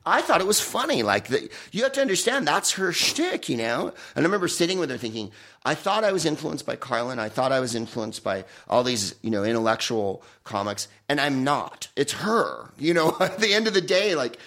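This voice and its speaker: A man comedian in casual conversation, telling profane, animated stories. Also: medium pitch, brisk. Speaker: comedian guest. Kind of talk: casual chat.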